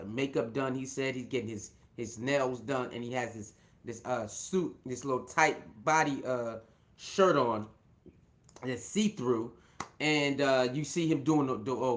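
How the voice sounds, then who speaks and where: A show host rambles through casual commentary at a slightly slow pace, his voice medium in pitch. His talk is packed with fillers, repeated words and restarts, with the occasional chuckle.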